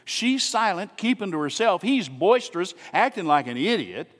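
A man's voice: high voice, sing-song, normal speed, a bit bright, long reverb tail. A man pastor preaching a sermon in a casual, conversational way, asking rhetorical questions and dropping asides to his congregation. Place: church sanctuary.

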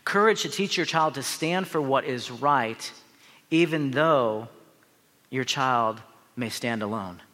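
A man's voice: medium pitch, slow pace, pushed and bright, big-room sound. A man, a pastor, preaching a sermon in an earnest, emphatic way, with asides to the listeners.

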